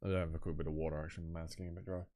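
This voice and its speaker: A man's voice: very deep voice, flat delivery, racing, mellow. A British man hosting a live webtoon read-through, chatty, enthusiastic and self-deprecating. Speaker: reaction host. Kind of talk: casual live-stream commentary.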